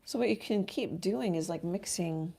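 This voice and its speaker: Brief: woman art teacher on a studio livestream, gravelly fry, thinks aloud while painting. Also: lowish voice, moderate pace, warm tone. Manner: musing, self-talk while painting, trails off. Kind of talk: casual painting livestream commentary.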